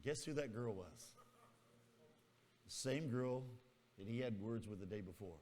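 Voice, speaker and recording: A man's voice: lowish voice, animated, unhurried, darkish tone. A male pastor telling a story in a sermon in a folksy manner, teasing his congregation. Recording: echoey hall reverb.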